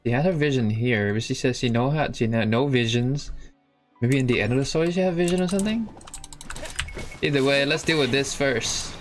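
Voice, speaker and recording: Very low-voiced woman streamer. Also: a little fast. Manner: chatty, thinking aloud while playing. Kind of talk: casual gaming commentary. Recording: game music behind. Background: loud game music and typing.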